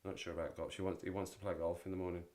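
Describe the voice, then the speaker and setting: A man's voice: low-pitched, level tone, very fast, mellow. A middle-aged man chatting casually on a live stream, joking and repeating himself. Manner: jokey, rambling, repeats himself. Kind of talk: casual chat.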